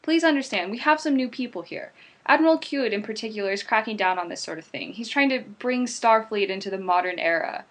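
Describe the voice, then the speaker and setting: A woman's voice: a little high, fast, natural voice. A woman playing a stern female Starfleet admiral who speaks formally and apologetically. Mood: apologetic.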